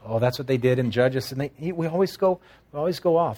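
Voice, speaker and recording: Pastor, male, mid-pitch voice, conversational sermon with humor between scripture readings. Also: lively intonation, a little fast, a little mellow. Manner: expository Bible teaching with humorous asides; reads scripture aloud, then explains it conversationally.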